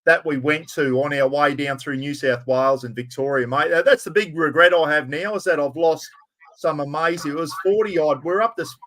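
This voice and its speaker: A blokey Australian man hosts a relaxed livestream chat, laughing easily and swearing casually. His voice sits a little higher than most men's. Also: a little fast. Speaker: livestream host.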